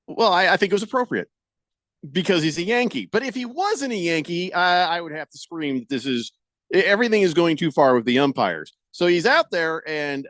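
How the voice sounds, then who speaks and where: An older man hosting sports talk radio, telling a story with animated energy and a studio mic. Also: fairly high pitch, dry recording. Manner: animated storytelling, acts out quoted voices.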